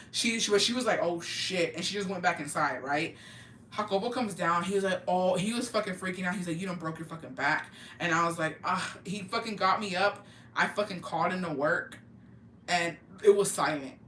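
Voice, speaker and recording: This podcast co-host, a young adult, spins animated stories while chatting casually, with plenty of swearing, slang and Spanish mixed in. Their medium-pitched voice comes across bright and sharp. Recorded off-mic, the sound is roomy, with a faint ambient wash and a bit of background noise.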